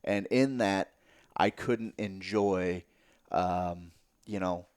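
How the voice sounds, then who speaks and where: Male podcast guest, lowish voice, casual and animated storyteller, profane, drops to a near-whisper at times. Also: drawn-out words, clean tone.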